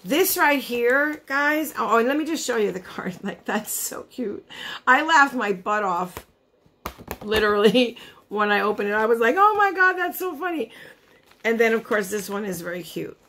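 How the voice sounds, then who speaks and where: A woman's voice: on the high side, normal speed, sharp tone, a little hiss or hum. Gushing, emotional woman vlogger. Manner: gushing, emotional, chatty with lots of "like" and "you know". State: choked up, near tears. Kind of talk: casual chat to camera.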